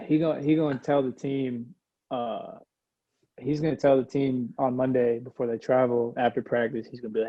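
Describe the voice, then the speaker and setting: A man's voice: medium pitch, fairly even intonation, normal speed, pauses often, darkish tone, no echo, dull audio. A young man from Iowa, a former college point guard, talking as a podcast guest in a laid-back way, laughing often and using lots of slang. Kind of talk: casual podcast chat.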